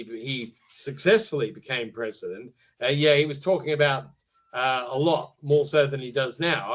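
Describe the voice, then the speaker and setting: A man speaking as a media-trainer guest in a podcast interview, explaining in a measured way and often pausing to rephrase. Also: medium pitch, fairly bright tone, low-quality recording.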